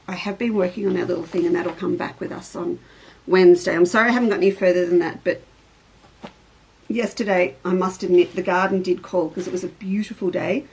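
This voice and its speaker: A woman's voice: fairly low pitch, vocal fry, a little mellow, low-quality recording. A middle-aged woman, hosting a casual show-and-tell chat as a fabric designer. She tells a rambling story in an easy, talkative way.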